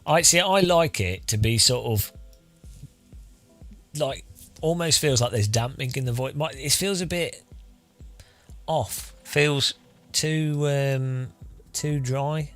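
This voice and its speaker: A man's voice: mid-range voice, slow, pauses often, a bit bright, faint music behind. Rueful man counting into a mic. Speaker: streamer. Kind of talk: live stream mic testing. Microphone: close studio microphone.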